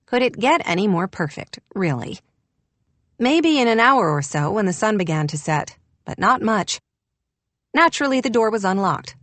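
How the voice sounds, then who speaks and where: A woman's voice: medium pitch, very animated, moderate pace, fairly bright tone, no echo. A woman reading an audiobook in a wry, descriptive narration. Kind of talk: scripted narration.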